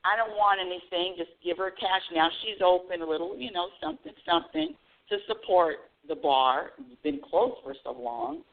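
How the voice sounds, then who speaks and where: A woman radio show host telling a casual, animated story about her week, with bursts of high excited squeals. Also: moderate pace, gravelly. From United States. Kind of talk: casual spiritual talk monologue. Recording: tinny phone-line audio.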